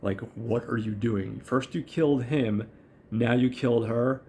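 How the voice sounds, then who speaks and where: A man's voice: mid-range voice, a little slow, a little mellow, close to an everyday voice. A man voicing a gullible, nervous young male robber who whines and panics. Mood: panicked.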